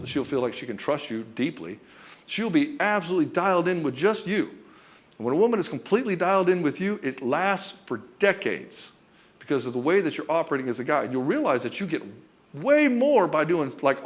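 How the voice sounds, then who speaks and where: A man giving a relationship coaching monologue straight to the camera, blunt and emphatic, swearing often and calling the listener brother and dude. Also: mid-range voice.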